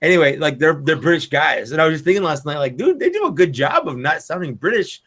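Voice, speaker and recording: A man co-hosting a casual podcast, rambling and halting as he searches for names. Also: a little high, big pitch swings, fairly bright tone. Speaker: podcast co-host. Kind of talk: casual chat on a live stream.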